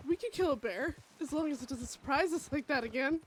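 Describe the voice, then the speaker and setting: Woman, live roleplay gamer, excitable, shrieky laughter, high pitch. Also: fairly quick, slight background noise, low-quality recording. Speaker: streamer playing a roleplay character. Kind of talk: live gaming roleplay chat.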